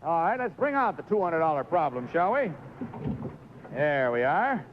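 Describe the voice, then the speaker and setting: Jovial high-voiced male game show host. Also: big pitch swings, normal speed. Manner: jovial, coaxing, walks contestants through stunts. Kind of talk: live studio game show hosting. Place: television studio with audience. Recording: dull lo-fi 1950s TV recording, faint hiss.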